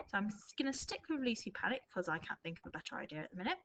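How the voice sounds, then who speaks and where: A woman at a medium pitch, teaching a recorded writing lesson to young pupils. She thinks aloud as she drafts on screen and slows down to read example sentences with expression. Her tone is that of a patient primary school teacher. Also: sing-song, fairly bright tone, slight background noise, rough recording.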